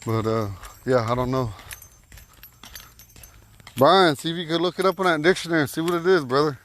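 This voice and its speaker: A man giving a casual, folksy language lesson while out walking at night, talking into a phone and repeating words slowly. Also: a little high, fairly bright tone, a little hiss or hum. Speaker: language teacher. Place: outdoors at night on a walk.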